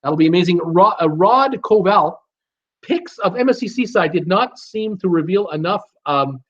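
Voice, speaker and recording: A man's voice: high-pitched, animated, normal speed, fairly bright tone, muffled recording. A middle-aged man hosting a live cruise chat stream, chatty and upbeat as he reads out viewer comments with lots of fillers. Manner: chatty, upbeat, reads names and greetings aloud with many fillers.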